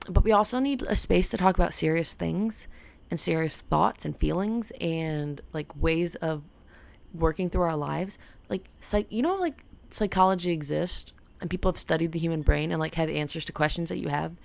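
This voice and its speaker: Creaky-voiced woman rambling to camera. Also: low voice, moderate pace. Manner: rambling and playful, heavy use of "like". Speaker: vlogger. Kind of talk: casual self-help chat to camera.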